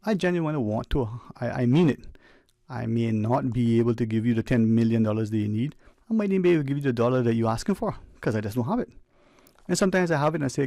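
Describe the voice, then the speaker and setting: A man's voice: medium pitch, lively intonation, gravelly, dark tone, dry recording, clean studio sound. A man hosting a talk radio show, giving a reflective, preachy monologue in a conversational way. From Cayman Islands. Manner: conversational, preachy, speeds up and slows down for emphasis. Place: radio studio. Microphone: studio microphone.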